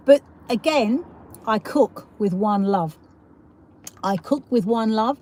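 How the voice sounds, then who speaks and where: This middle-aged woman from England, with her South East London accent, hosts a chatty, meandering live stream, reading viewer comments aloud and laughing often. Her voice is warm and on the high side, with lively intonation, and she takes her time.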